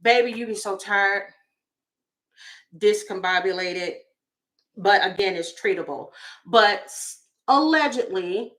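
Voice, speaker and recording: Bright-voiced woman chatting gossip. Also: medium pitch. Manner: chatty, goofy, addresses viewers as y'all. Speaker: tarot reader. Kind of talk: casual celebrity gossip commentary.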